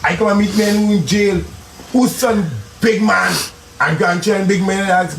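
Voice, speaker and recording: A man's voice: high-pitched, normal speed, vocal fry, reverberant, a little hiss or hum, poor audio. A man being interviewed on the street, giving earnest, preachy advice.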